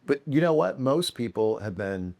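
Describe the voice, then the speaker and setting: A man, a restaurateur and guest, telling animated anecdotes in casual conversation in a restaurant. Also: medium pitch, moderate pace, gravelly, no echo. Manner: animated anecdotes, mimics celebrities in a raised voice. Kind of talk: casual storytelling.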